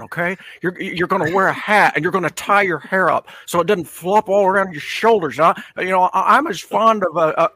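Folksy old-time film lawyer, a man's impression, stammering drawl, bright and coaxing. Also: sits high, heavily acted.

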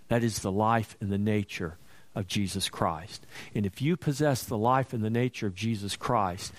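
A man preaching a sermon in a slow, emphatic style that climbs louder and higher when he asks questions or quotes scripture. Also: no echo.

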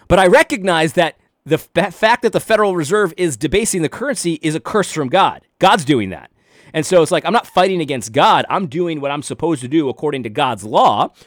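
A middle-aged man with a somewhat high voice hosts a Christian commentary channel, delivering impassioned religious commentary full of sarcasm. Animated and restless, he keeps repeating and restarting words. The recording is dry, with clean studio sound.

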